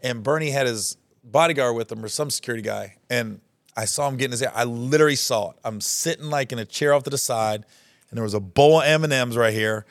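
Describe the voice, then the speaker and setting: Male guest, easygoing chatter, mid pitch, dry close recording. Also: fast, no room sound. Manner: relaxed, chatty recollection with asides. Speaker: podcast guest. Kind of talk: casual conversation.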